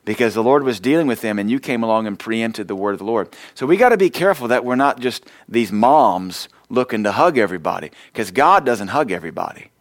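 A man's voice: fairly low pitch, animated, brisk, hardly any pauses, dry recording. Middle-aged male pastor, emphatic sermon, dry close sound. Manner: emphatic preaching with quoted scripture.

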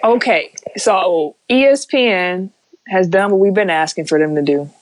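A man co-hosting a casual podcast over a remote call, relaxed, reading out listener stats and topics. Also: high-pitched, moderate pace, poor audio. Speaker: podcast co-host.

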